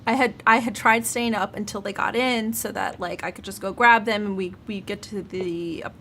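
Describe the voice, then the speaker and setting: Woman, bright voice, casual podcast chat, faint background noise. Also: medium pitch, fairly even intonation, normal speed, creaky. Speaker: podcast co-host.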